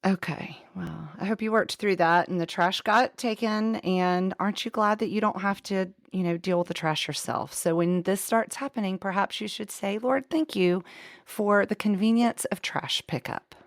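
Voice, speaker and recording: A woman's voice: mid-range voice, steady tone, normal speed, hardly any pauses, no room sound, studio quality. A middle-aged woman co-hosting a podcast with her daughter, teasing and motherly as she steers the talk with questions. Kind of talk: casual chat.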